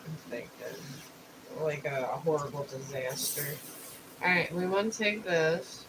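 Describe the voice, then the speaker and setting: A streamer who has only just woken up paints on stream, chatting casually and talking through the art supplies step by step. A mid-range voice moves a little slowly over steady background noise.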